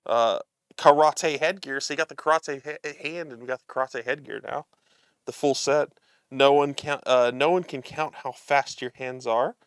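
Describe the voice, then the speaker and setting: A man hosts a live show, chatting casually while unboxing a card game and reading the cards aloud, amused and chuckling often. His medium-pitched voice is steady, clean and fairly bright at normal speed, in a dry, clean studio recording.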